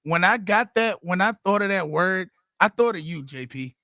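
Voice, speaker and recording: Playful high, bright-voiced man off-mic. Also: normal speed, no echo, studio quality. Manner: laughing, playful, animated storytelling. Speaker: show producer who makes hype songs. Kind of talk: casual studio banter.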